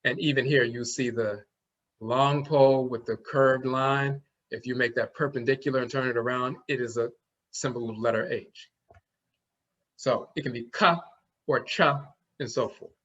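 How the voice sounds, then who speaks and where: A man's voice: medium pitch, steady tone, normal speed, a bit bright. A man giving a classroom lecture on an old script, explaining each sign and sounding out its letter. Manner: explanatory, demonstrates sounds aloud. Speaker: language teacher. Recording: dull lo-fi recording.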